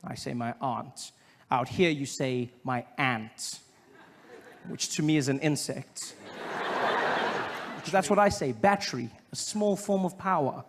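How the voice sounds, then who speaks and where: A man's voice: on the high side, lively intonation, normal speed, big-room sound. Playful stand-up comedian man, noisy recording. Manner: playful, mock-confused storytelling. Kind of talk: stand-up routine.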